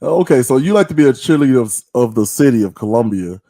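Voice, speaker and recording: Playful male host, mellow dark tone, dry close sound. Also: mid-range voice, lively intonation, fast, no room sound. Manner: playful, teasing. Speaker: podcast host. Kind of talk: casual interview hosting.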